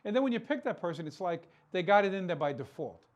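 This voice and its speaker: A man's voice: high-pitched, big pitch swings, fast, muffled recording. Impassioned male political talk host. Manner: impassioned, rhetorical questions, repeats words for emphasis. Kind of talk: political commentary monologue.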